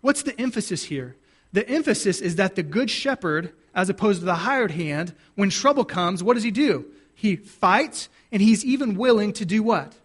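A male pastor with a fairly high voice preaches a sermon to his church. He keeps it conversational, tossing questions to the congregation and answering them himself, and often restarts his sentences. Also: animated, moderate pace, breathy edge.

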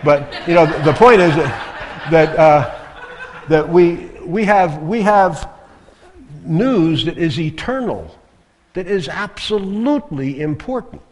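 A man's voice: on the high side, expressive, slow pace. A male guest preacher giving a sermon in a conversational, emphatic way, repeating key phrases. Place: church sanctuary. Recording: long hall reverb.

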